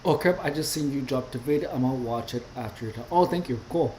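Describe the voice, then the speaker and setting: A woman's voice: very deep voice, a little fast, a little mellow, slight background noise. A woman hosting a casual livestream. She reads chat aloud, greets her viewers and adds her own comments.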